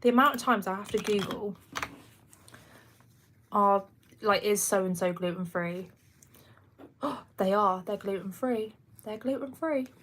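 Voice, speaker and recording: Background noise accompanies this livestream host, an English woman in her twenties with a Kent accent, who answers viewer comments with frequent laughter in casual chat. Her mid-range voice is fairly even, slow and full of pauses.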